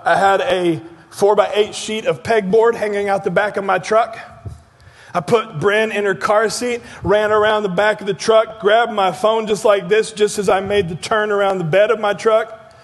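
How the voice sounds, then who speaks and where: A man preaching a sermon as pastor, telling stories with energy and dropping to soft, low tones for emphasis. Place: church sanctuary. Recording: church hall reverb.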